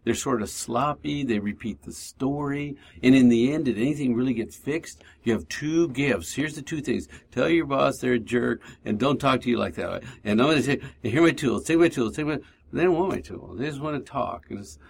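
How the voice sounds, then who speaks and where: A man's voice: medium pitch, moderate pace, creaky, hardly any pauses, breathy edge. A man hosting a faith-based recovery radio talk show, reflective and talking through his inner thoughts aloud.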